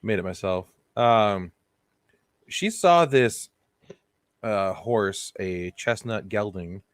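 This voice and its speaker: A man co-hosting a comedy podcast, telling stories in an animated way and laughing as he goes. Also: on the low side, slow, clear, resonant tone, no echo, clean studio sound. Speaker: podcast co-host. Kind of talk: comedic storytelling chat.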